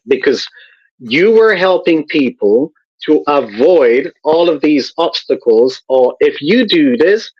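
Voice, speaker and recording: A man guest in a casual conversation, talking in a measured, thoughtful way and repeating words as he searches for them. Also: fairly high pitch, dry recording, dull audio. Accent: noted accent, admired by host.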